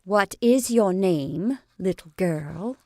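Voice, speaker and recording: Woman reader playing a sharp-tongued suspicious woman, clipped and scornful, storybook, dry sound. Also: medium pitch, lively intonation, moderate pace, no room sound, natural voice. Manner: sharp, peremptory.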